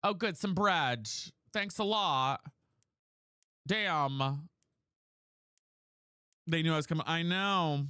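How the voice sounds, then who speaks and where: A game streamer chatting live with viewers while playing, profane and excitable, swinging between low grumbles and loud squeals. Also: slow, pauses often, smooth, no echo.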